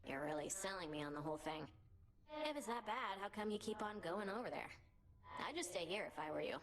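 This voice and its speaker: A woman's voice: medium pitch, brisk, close to an everyday voice. An actress voicing a teasing, sarcastic young female ghost in a video game.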